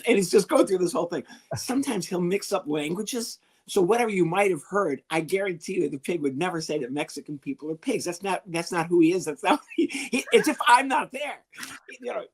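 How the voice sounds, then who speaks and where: A man with a husky, slightly breathy voice, a comedian talking as a guest on an interview show. He tells a story with lots of energy, dropping into the voices of the people in it. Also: high-pitched. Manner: lively, animated, acts out the people he quotes.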